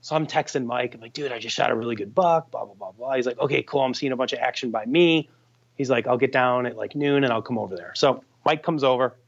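A man casually telling a hunting story on a podcast, animated and swearing freely as he acts out his friends' lines. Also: mid-range voice, fast, vocal fry, muffled recording. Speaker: guest hunter telling a story.

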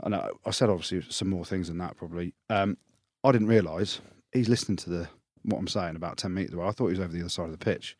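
A former rugby player co-hosting a sports podcast, rattling off stories at a rapid clip. His voice sits a little low, and he swears freely in easy casual chat. The sound is dry and close. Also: no echo. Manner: swears freely, tells stories fast and animated.

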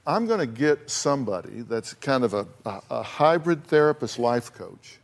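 A creaky, very animated mid-range male voice moves at normal speed. The speaker is a talk show host who bluntly counsels guests in confrontational on-stage exchanges, hammering his points, repeating himself, and leaning on folksy phrasing.

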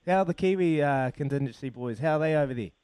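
A man's voice: a little high, fast talker, a little mellow, clean tone, no echo. A man interviewing a rugby player, asking long, loosely worded questions and calling him mate. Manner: long rambling questions, calls the guest mate. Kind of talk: casual interview chat.

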